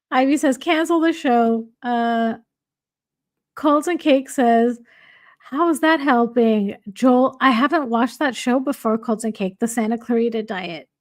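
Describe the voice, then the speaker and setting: A woman's voice: on the high side, takes it slowly, pauses often, no room sound, studio quality. A woman hosting a casual livestream, reading viewer comments aloud and laughing often. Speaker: livestream host.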